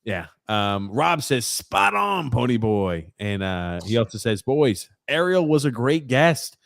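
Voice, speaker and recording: A man's voice: medium pitch, sing-song, measured pace, vocal fry, a bit bright, no echo, studio quality. A man co-hosting a casual podcast, reading out live viewer comments in a rambling way with many fillers. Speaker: podcast co-host.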